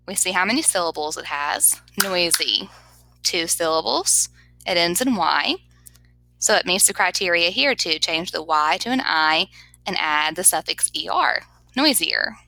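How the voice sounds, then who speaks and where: A woman's voice: lowish voice, creaky, sharp tone, no echo, rough recording. A woman teacher giving a grammar lesson over slides, patiently sounding words out syllable by syllable.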